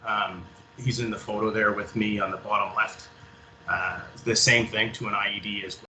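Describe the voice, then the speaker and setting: A man with a very bright, sharp voice at middle pitch speaks in an earnest, halting way. There is a faint hiss of noise behind him. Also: fairly even intonation, low-quality recording. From Canada. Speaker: soldier giving a talk. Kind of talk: reading a prepared speech. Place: public library event room.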